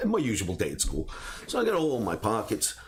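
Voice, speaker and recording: A man hosting a trading show, telling a personal story in a casual, animated way and laughing between beats. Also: lowish voice, normal speed, slight background noise. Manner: animated, laughs through his own stories. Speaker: trading academy host.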